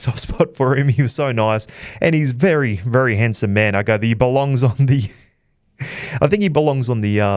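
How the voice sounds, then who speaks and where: Brief: male host, low voice, casual rambling recap, dry close mic. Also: darkish tone, no room sound. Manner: chatty storyteller, many fillers and restarts. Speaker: boxing channel host.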